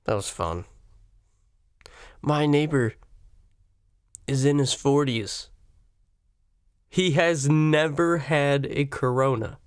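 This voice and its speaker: Smooth-voiced man on a swearing rant. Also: takes it slowly, pauses often, no echo, clean studio sound. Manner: swearing, rambling, pitch jumping up when worked up. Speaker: vlogger. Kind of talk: profane comedic rant.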